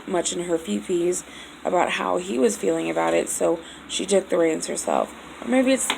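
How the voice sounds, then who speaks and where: A woman's voice: lowish voice, creaky, a little hiss or hum, low-quality recording. A young woman telling a personal story in a vlog, blunt and profane, venting with emotion. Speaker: vlogger.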